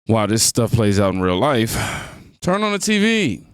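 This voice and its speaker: A man's voice: on the low side, big pitch swings, moderate pace, smooth, no room sound, clean studio sound. A man hosting a reaction video, delivering sarcastic, mocking commentary on news clips.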